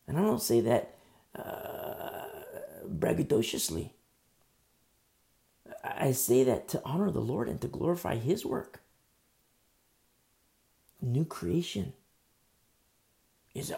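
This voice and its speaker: A man's voice: on the high side, big pitch swings, takes it slowly, creaky, long pauses, dark tone. A man preaching a conversational sermon, emphatic and full of rhetorical questions.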